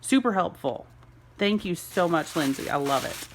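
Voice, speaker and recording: A woman filming an excited unboxing vlog at home, gushing and gasping with delight over each gift. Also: fairly low pitch, moderate pace. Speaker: homeschool mom vlogger.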